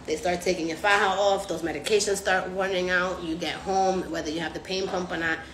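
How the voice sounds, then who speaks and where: A woman's voice: lowish voice, fairly quick, echoey room, noisy background. A woman hosting a casual live stream, slangy and profane, acting out other people's voices as she talks. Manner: animated, acts out patients' voices. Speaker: recovery house host.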